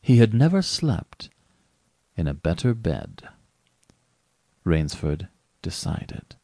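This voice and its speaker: A man narrating an unabridged audiobook in a measured, expressive storytelling manner. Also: low-pitched, vocal fry.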